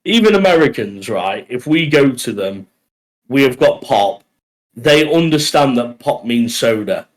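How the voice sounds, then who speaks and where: A man's voice: mid-range voice, lively intonation, measured pace, rough recording. Man, podcast co-host, casual chat, jokey, laughs a lot. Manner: jokey, laughs often between lines.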